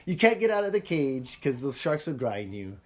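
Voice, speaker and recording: A man's voice: medium pitch, sing-song, normal speed. A man hosting a casual podcast, chatting about movies, acting out scenes in funny voices and laughing often. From Hawaii. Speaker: podcast host.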